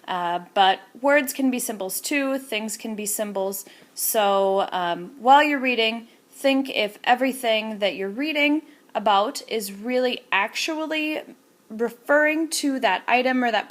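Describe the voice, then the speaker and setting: A young woman teacher explaining terms to students in a casual lecture, with many fillers. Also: medium pitch. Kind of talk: recorded classroom lecture.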